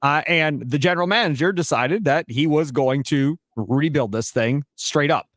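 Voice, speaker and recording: A man co-hosting sports talk radio, explaining things to listeners in a measured way. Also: fairly high pitch, fairly bright tone, no echo, studio quality.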